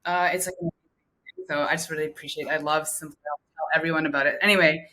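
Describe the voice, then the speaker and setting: A woman calling in to a live coaching show, talking earnestly and haltingly about her business. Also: low-pitched, fairly even intonation, bright, forceful tone. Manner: earnest, halting, restarts often. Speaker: caller, coach with a small business. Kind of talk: casual live-call conversation.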